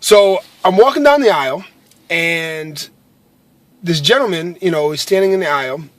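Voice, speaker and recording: A man's voice: fairly high pitch, animated, moderate pace, no room sound. A man telling a personal faith story to camera in earnest, casual chat, full of fillers and tag questions. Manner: earnest, with many fillers and repeated "right?". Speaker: vlogger sharing a faith story.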